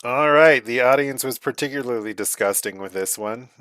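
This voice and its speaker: A man's voice: medium pitch, moderate pace, a bit bright. A man announcing suggestions at an improv show with dry, wry remarks. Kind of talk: improv comedy game.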